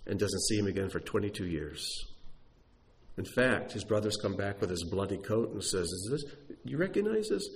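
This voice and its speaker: A man preaching a sermon who tells stories with emphasis and asks rhetorical questions. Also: lowish voice.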